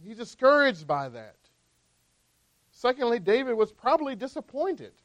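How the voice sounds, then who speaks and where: A man's voice: very high-pitched, sing-song, normal speed, a bit bright. A man preaching a conversational sermon, often checking in with the congregation by asking "right?". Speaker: pastor.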